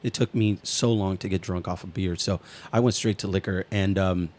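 Podcast co-host, male, lowish voice, loose and profane, rambling storyteller. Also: steady tone, moderate pace, darkish tone. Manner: swears freely, rambling anecdotes, acts out quotes. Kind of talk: casual storytelling chat.

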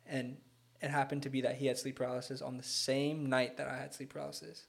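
A man's voice: medium pitch, flat delivery, fast talker, vocal fry. A young man telling stories in a casual chat, rambling and filling his speech with "like". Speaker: guest. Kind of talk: casual storytelling.

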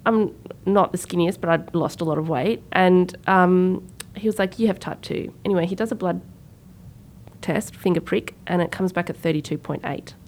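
A woman's voice: fairly low pitch, moderate pace, a little hiss or hum. A woman, co-hosting a podcast and telling a personal story in casual talk, acting out the voices of people she quotes. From Sri Lanka. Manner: animated, acts out quoted voices. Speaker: podcast co-host.

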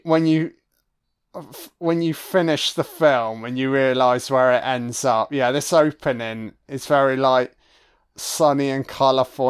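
A man's voice: medium pitch, smooth. A man giving a casual, profane and sarcastic film commentary as host.

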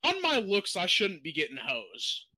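A young man around twenty trading crude jokes on a podcast. His voice is very bright and sits fairly high, swinging up and down a lot as he talks. The sound is dry and close, with no room around it. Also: wildly swooping pitch, measured pace, no room sound, poor audio. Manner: crude, joking banter. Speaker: podcast co-host. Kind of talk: casual podcast chat.

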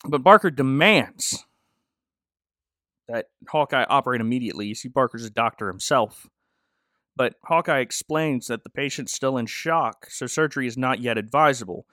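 A man's voice: mid-range voice, moderate pace, pushed and bright, no room sound, studio quality. A man casually recapping a TV episode with joking, rambling asides. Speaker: podcast host.

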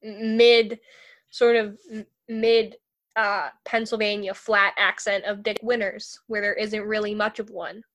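A woman's voice: medium pitch, flat delivery, a little slow, a bit bright. A woman chatting casually as a podcast co-host, hesitant and full of fillers.

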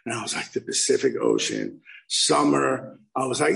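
A man's voice: medium pitch, huge pitch swings, moderate pace, vocal fry, a bit bright, poor audio. A man in his fifties telling his recovery story at a meeting, acting out the quotes with lots of animation. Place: meeting room.

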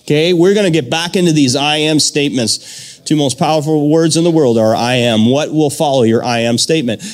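A pastor delivers a fervent sermon, his fairly high voice climbing into loud declarations. He leans on repetition and asks his listeners to speak lines back to him. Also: brisk. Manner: fervent preaching with repetition and call-and-response.

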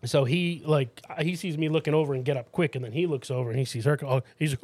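A man's voice: fast talker, hardly any pauses, dry recording. A man co-hosting a podcast, telling a story in casual chat and acting out the people in it, with casual swearing and many restarts. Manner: animated storyteller, acts out quoted people in a higher voice. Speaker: podcast co-host.

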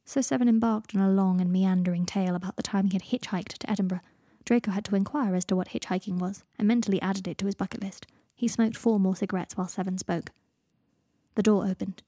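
A woman, the author, reading her own story aloud in a calm, even manner. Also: medium pitch, fast, dry recording, clean studio sound. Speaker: author and reader. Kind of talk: storybook narration.

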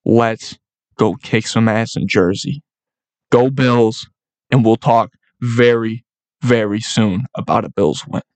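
A man's voice: on the low side, slow, a little mellow. A young man hosts a solo sports podcast, giving a fired-up, profane pep talk to fans. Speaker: podcast host.

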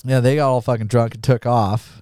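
A man's voice: steady tone, brisk, dark tone, no echo, studio quality. Profane, laughing man telling stories. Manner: profane, laughing, acts out his own lines in a higher voice. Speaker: podcast co-host. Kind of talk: casual storytelling chat.

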